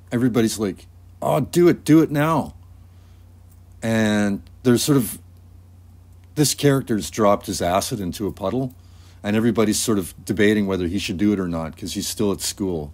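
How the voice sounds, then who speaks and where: A deep-voiced man walks through his animation storyboard in an easygoing, rambling manner. He pauses often with fillers while he describes each scene. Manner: relaxed, rambling, with many fillers. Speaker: animator and artist. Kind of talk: casual storyboard walkthrough.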